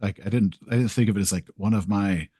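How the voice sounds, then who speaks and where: A man's voice: lowish voice, quick pace, mellow, breathy edge, dry recording, studio quality. A man being interviewed as a podcast guest, telling rambling, self-deprecating stories and acting out what he said. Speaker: podcast guest, game video creator. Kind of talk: casual interview storytelling.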